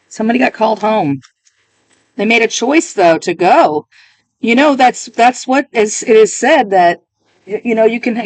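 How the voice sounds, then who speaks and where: A woman's voice: fairly high pitch, no room sound. A woman reading tarot cards for her viewers, talking in a musing, emotional way and often interrupting herself. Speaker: tarot reader.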